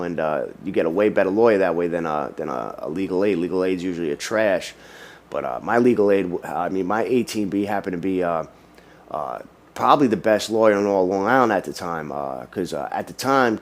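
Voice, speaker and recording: Young ny guy, kinda low voice, street slang, tons of "you know"s, just telling his story. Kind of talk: casual storytelling.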